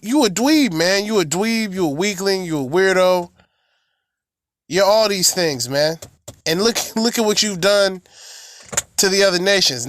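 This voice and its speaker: A man's voice: sits high, a bit bright, no room sound, clean studio sound. A man from the American South with a Southern accent, preaching a fiery, profane sermon and chanting prayers in rhythm. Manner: brash, profane, taunting. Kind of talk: fiery street-style sermon.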